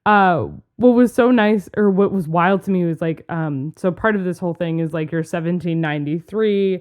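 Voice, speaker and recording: A woman co-hosting a podcast, telling a teaching story in animated casual chat and laughing often. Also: on the low side, normal speed. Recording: dull lo-fi podcast audio.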